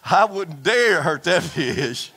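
A man preaching a fiery sermon to his congregation, folksy and animated, calling out for amens. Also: a little high, husky. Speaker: pastor. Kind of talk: impassioned Pentecostal-style sermon. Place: church service before a congregation.

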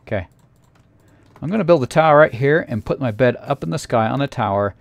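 A man narrating a scary game playthrough in a theatrical way, dropping to a hush and then shouting in panic. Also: medium pitch, lively intonation, brisk, creaky, dry recording. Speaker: let's player. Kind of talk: acted creepypasta gameplay narration.

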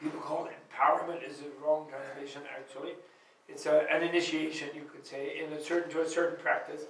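High-voiced man giving a laughing dharma talk. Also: fast talker, slight background noise. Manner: animated storytelling, laughs often, acts out quoted voices. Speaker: Buddhist teacher. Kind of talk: informal dharma talk at a retreat. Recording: echoey room recorded from far off.

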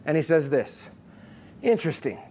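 Brief: high-pitched male pastor preaching online, emphatic, playful. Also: animated, unhurried. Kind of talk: online sermon.

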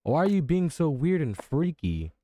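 A man's voice: a little high, very animated, normal speed, dark tone, slight background noise. A young man giving jokey let's-play commentary on a horror game, reacting aloud and talking back to the characters. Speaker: gaming YouTuber.

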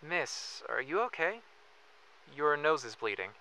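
A man's voice: on the high side, sing-song, unhurried, heavily acted. A man playing a polite young investigator. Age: young adult. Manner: polite, gently reassuring. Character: earnest young male investigator. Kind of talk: analog horror audio drama. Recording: noisy background hiss.

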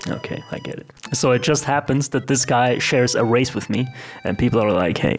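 A man's voice: mid-range voice, wildly swooping pitch, moderate pace, over loud music. A young man from Austria, answering fan questions in a brash, cocky, profane and joking way. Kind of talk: casual Q&A vlog.

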